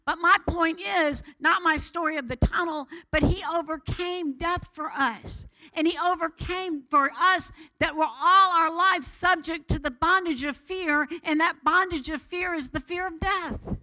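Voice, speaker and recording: A woman pastor preaching a sermon, animated and expressive, shifting her voice loud and soft as she teaches. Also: very high-pitched, measured pace, hardly any pauses, rough recording.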